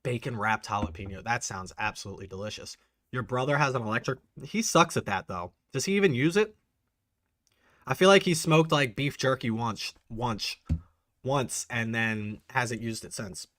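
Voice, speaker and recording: Bright-voiced man chatting on a livestream. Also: mid-range voice, moderate pace, dry recording. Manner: chatty, reads and answers live chat, excitable. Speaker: bourbon channel host. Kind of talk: casual livestream chat with viewers.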